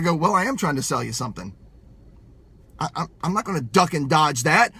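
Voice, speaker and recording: A middle-aged man giving a fired-up motivational sales pep talk, yelling and hammering home his points with punchy repetition. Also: high voice, dry recording.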